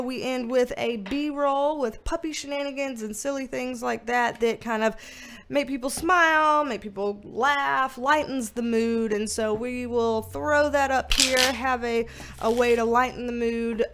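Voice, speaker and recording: High-voiced chatty woman. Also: steady tone, a little slow, fairly bright tone, a little hiss or hum. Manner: chatty, rambling, doting baby talk with her dogs. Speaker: tarot reader. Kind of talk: casual vlog talk. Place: at home.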